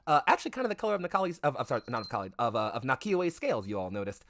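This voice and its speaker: A man's voice: mid-range voice, very animated, rapid-fire, fairly bright tone. A man running a tabletop game as game master, rambling through fillers and self-corrections, and swearing now and then. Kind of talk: narrating a tabletop game on stream.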